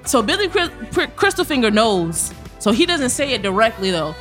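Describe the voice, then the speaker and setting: A man's voice: very high-pitched, sing-song, normal speed, fairly bright tone, soft background music. A man telling a story in a casual chat among friends, laughing as he goes.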